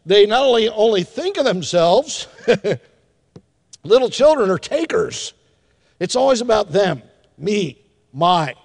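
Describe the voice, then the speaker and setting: Older man, pastor's sermon, high voice, long reverberating hall. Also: creaky. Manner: animated preacher, acting out scenes with hushed asides and drawn-out emphasis.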